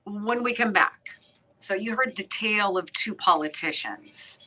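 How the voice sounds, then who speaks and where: A woman's voice: mid-range voice, a little slow, sharp tone, poor audio. A woman hosting a talk radio show, delivering commentary in an emphatic, sarcastic way. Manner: emphatic and sarcastic, with mocking put-on quotes.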